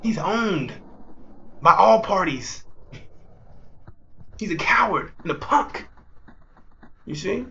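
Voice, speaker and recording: A man preaching a fiery street sermon, repeating himself and jumping between loud outbursts and low murmurs. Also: animated, slow pace, creaky, pauses often, highs cut off. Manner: repetitive, rhetorical, keeps asking "you see".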